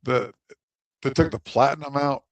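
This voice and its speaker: A man co-hosting a talk radio show in casual chat, halting with fillers and laughing often. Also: medium pitch, steady tone, no room sound.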